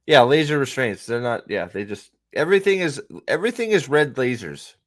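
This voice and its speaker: A man's voice: medium pitch, very animated, fairly quick. A man giving a casual, profane movie rant, rambling and stammering as he goes. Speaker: movie reviewer.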